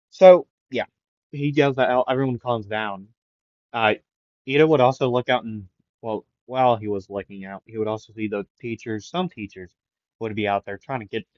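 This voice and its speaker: Recovering from a sore throat, he talks quietly while improvising a rambling fan story packed with fillers and false starts. The voice is mid-range and a little mellow. It's recorded dry on a dull lo-fi mic, with no room sound.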